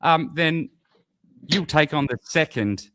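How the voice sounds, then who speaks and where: A man's voice: on the high side, expressive, slow, pushed and bright, no echo, studio quality. A man hosting a casual livestream, trading teasing banter with guests. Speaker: host.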